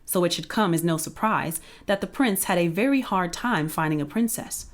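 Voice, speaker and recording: A woman's voice: fairly low pitch, lively intonation, normal speed. Playful woman reading a storybook aloud. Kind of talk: reading a children's book aloud.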